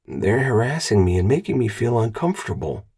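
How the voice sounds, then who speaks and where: A man's voice: sing-song, unhurried, vocal fry, darkish tone, slightly rough, full character voice. A man voicing a nervous young male soldier who whines and pleads. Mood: plaintive. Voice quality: higher, pleading, whiny.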